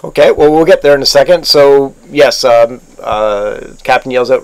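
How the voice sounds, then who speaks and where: A man narrating as game master for an online tabletop game, halting with many fillers and restarts. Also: medium pitch, clean tone. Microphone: online voice chat.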